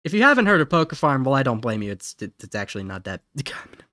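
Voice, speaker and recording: A man's voice: medium pitch, sing-song, quick pace, bright, forceful tone, dry recording, clean studio sound. A man from Ohio chatting casually while streaming a game, rambling, giggly and correcting himself as he goes. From Ohio, USA. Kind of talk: casual live-stream chat.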